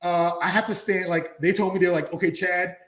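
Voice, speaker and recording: High-voiced man telling a rowdy story. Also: steady tone, brisk, low-quality recording. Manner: swearing, acts out the people in his story with loud shouts and laughs. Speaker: interview guest, former wrestler. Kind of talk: animated storytelling.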